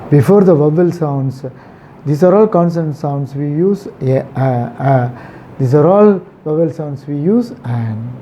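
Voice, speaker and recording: A man gives a grammar lesson at a slow, deliberate pace, saying important words over and over. The recording sounds slightly dull, with faint passing traffic in the background. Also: fairly high pitch, dark tone. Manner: slow and repetitive, stresses and repeats key words. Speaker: English teacher.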